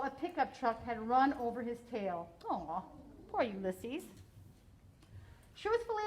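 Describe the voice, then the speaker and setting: A woman teacher reading a novel aloud to her class, expressive and slowing down for emphasis, pausing to ask students questions. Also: high-pitched, rough recording.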